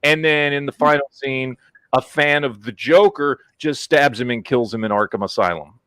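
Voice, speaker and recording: A man's voice: mid-range voice, moderate pace, pushed and bright, clean tone, no room sound. Blunt, profane man ranting. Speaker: podcast host. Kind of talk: casual podcast chat.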